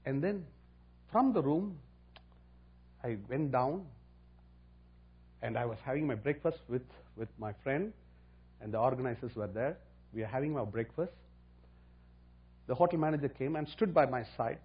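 A man preaching a sermon, telling a testimony and rising to loud emphatic preaching. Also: mid-range voice, animated, moderate pace, pauses often, husky, dull audio.

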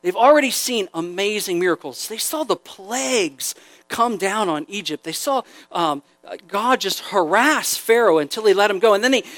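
A man's voice: high voice, dry recording. A man preaching a casual, joking sermon to a youth group, reading scripture aloud between asides. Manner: conversational, joking, animated preaching.

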